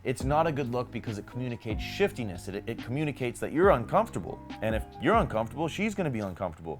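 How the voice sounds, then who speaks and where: Man giving emphatic dating advice. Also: mid-range voice. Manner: coaching, emphatic, addresses viewers directly as guys. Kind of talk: direct-to-camera advice vlog.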